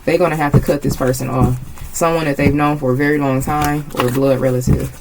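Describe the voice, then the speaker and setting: A woman's voice: rumbling low, fairly even intonation, fairly quick, vocal fry, very noisy. A woman giving a casual tarot reading, blunt and emphatic, swearing freely and repeating her phrases. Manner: emphatic, gets agitated. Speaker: tarot reader.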